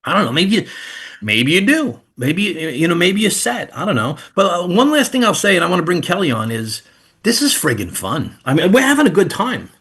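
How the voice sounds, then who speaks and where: A man's voice: high voice, a little fast, breathy edge. A man in his fifties with a New York accent, hosting a webinar in casual, rambling chat. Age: 50s. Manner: animated, rambling, folksy. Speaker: webinar host.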